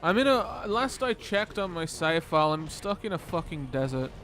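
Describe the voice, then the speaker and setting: A man's voice: on the high side, big pitch swings, normal speed, a bit bright, a little hiss or hum. A man with a light British accent chatting casually while playing a co-op game, laid-back, swearing and laughing often. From Britain. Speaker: co-op gaming partner. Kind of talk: casual gameplay chat.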